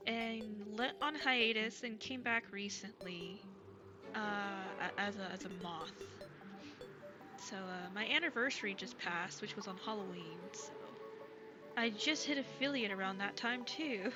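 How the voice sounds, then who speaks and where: A woman streamer chatting casually with her viewers, soft and gushing, stumbling over ums and restarts, still getting over a cold. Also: medium pitch, a little slow. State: recovering from a cold. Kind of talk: casual live-stream chat. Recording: streamer's mic with music behind.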